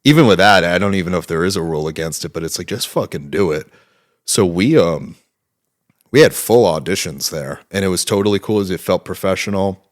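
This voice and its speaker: Deep-voiced man telling a rambling, profane story. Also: lively intonation, fairly quick. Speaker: interview guest, filmmaker. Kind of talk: casual interview chat.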